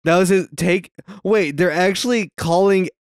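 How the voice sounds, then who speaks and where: A young man co-hosting a casual movie podcast, excitable and quick to swear and laugh. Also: high voice, clear, resonant tone, no echo, clean studio sound. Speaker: podcast co-host. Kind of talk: casual movie-watching chat.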